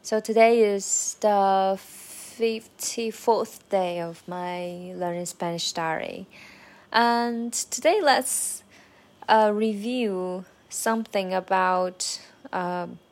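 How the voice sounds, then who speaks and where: Slow, hesitant woman with a Chinese accent. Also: mid-range voice. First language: Mandarin Chinese. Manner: hesitant, many fillers, slow careful enunciation of practice phrases. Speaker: language learner keeping a video diary. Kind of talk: casual spoken study diary.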